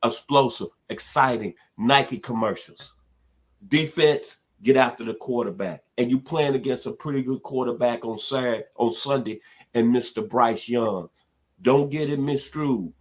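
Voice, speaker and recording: A male sports radio host breaks down the game in clipped, emphatic declaratives. His voice sits at an ordinary middle pitch, and he leans on repeated catchphrases to drive his points home. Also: moderate pace. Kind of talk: sports talk radio analysis.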